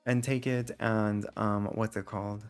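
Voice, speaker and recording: A man streaming a game live, talking back to his chat in a sassy, theatrical way, his voice leaping high when he exclaims. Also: flat delivery, measured pace, clean tone, faint music behind.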